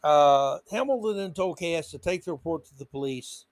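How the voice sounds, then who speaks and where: A male podcast host with a notably high voice rants through an indignant commentary monologue. He hammers his points with repeated words. The sound is close and dry, with no room echo. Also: animated, moderate pace. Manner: indignant ranting with emphatic repetition.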